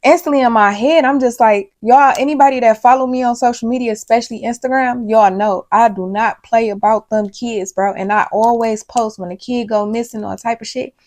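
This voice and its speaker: A woman's voice: a little high, steady tone, a little fast, hardly any pauses, darkish tone. A woman telling a storytime video, rambling and emphatic, swearing often, talking straight to her viewers and sounding worked up and worried. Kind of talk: casual storytime monologue.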